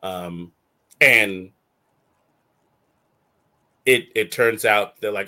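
Brief: bright, lively male talk-show host who riffs and laughs a lot. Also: fairly low pitch, drawn-out words, long pauses. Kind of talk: casual chat.

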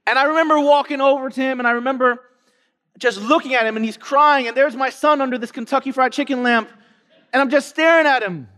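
A man's voice: very high voice, quick pace, bright, forceful tone. A man preaching a sermon as pastor, telling stories in a conversational way and repeating lines for emphasis. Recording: long hall reverb.

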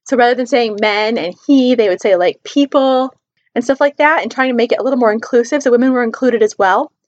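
A woman's voice: a little high, a little fast, dull audio. A woman talking to her viewers in a casual vlog, earnest and emphatic, repeating her points for stress. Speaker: Christian book reviewer. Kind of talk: casual personal vlog talk.

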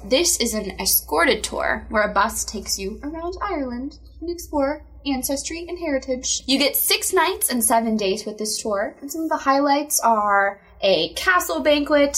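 A woman's voice: sits high, expressive, moderate pace, few pauses, a bit bright. A woman co-hosting a podcast in casual chat, bubbly and self-mocking, laughing often. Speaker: podcast co-host.

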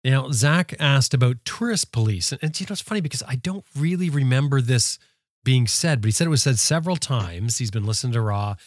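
A man's voice: mid-range voice, expressive, fairly quick, no room sound, studio quality. A man hosting a podcast who introduces topics and reads out a listener's question. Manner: leads the talk and reads out a listener email. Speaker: podcast host. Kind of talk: casual panel chat.

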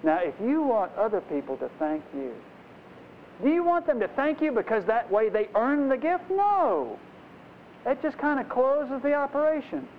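Male preacher, conversational sermon, animated storytelling, dull lo-fi sound, faint background hiss. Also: extremely high pitch, moderate pace. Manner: conversational and animated, acts out voices. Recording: dull lo-fi recording, faint noise.

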